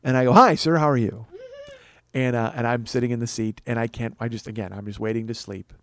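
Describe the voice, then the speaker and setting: A man in his forties hosting a podcast, telling a comedic story in a profane, ranting way that builds to loud exasperation. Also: mid-range voice, fairly even intonation, fairly quick. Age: 40s. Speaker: podcast host.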